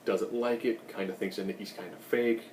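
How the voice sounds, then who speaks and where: A man's voice: lowish voice, steady tone, normal speed, darkish tone, echoey room, far from the mic, a little hiss or hum. A man giving a casual, rambling recap of a TV episode, with joking asides. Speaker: recap host.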